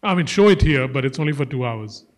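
Animated, joking male preacher. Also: mid-range voice, fast talker. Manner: joking, animated, acts out voices. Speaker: guest preacher. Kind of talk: sermon.

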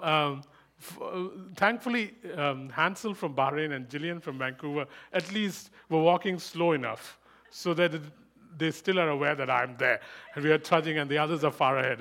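A man preaches to a live congregation in a voice that sits a little high for a man. He tells stories with lively humour and laughs often. He repeats his key lines for emphasis. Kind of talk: sermon with personal anecdote.

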